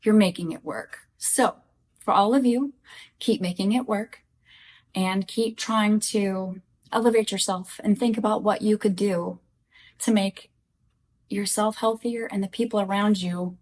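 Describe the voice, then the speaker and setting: A woman's voice: mid-range voice, fairly even intonation, measured pace, a little mellow. A middle-aged woman speaking candidly and earnestly to her viewers in a personal vlog, direct and heartfelt. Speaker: widow sharing grief lessons.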